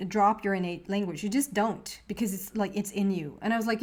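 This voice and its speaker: A woman's voice: medium pitch, fairly even intonation, fairly quick, hardly any pauses, darkish tone. A woman giving a casual tarot reading to camera, rambling and earnest, with lots of fillers and restarts, and openly emotional at times. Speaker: tarot reader.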